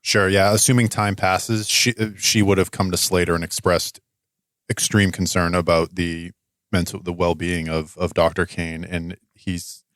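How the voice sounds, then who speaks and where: A man's voice: deep voice, little pitch movement, normal speed, fairly bright tone, no room sound, clean studio sound. A man playing in a tabletop role-playing game, describing what his character does. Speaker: player. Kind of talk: casual play at a tabletop game.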